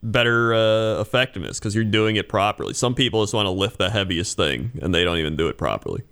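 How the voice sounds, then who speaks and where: Tired, laid-back man, smooth low voice. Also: expressive, quick pace, a bit bright. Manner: laid-back, rambling, lots of fillers. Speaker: podcast co-host. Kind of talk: casual podcast banter.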